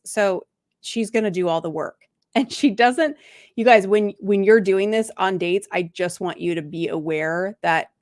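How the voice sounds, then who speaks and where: A woman's voice: medium pitch, no echo, clean studio sound. A middle-aged woman, a relationship coach, casually commenting on a reality show and lifting her voice to quote the people in it. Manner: chatty, animated, quotes people in lifted voices.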